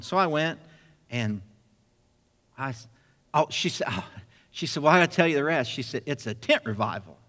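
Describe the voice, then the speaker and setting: A man preaching a sermon, telling a personal story with lively acted-out dialogue. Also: fairly high pitch, normal speed, pauses often, big-room sound. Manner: animated storyteller acting out dialogue. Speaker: pastor.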